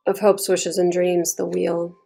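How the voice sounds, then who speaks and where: A woman's voice: on the low side, level tone, measured pace, vocal fry, warm tone, faint music behind. A woman giving a casual tarot reading, talking bluntly and chattily and swearing freely. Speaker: tarot reader.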